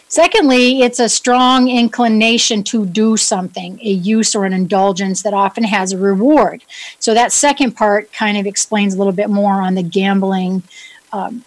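A woman's voice: medium pitch, rough recording. A woman with a New England accent giving a chatty, upbeat wellness talk to her listeners, joking about herself and asking them questions. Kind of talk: casual solo talk to listeners.

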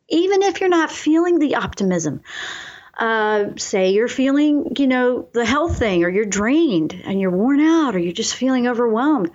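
A woman hosting a radio talk show on spiritual self-help, coaching listeners earnestly and slowing down for affirmations. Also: on the high side, dull audio.

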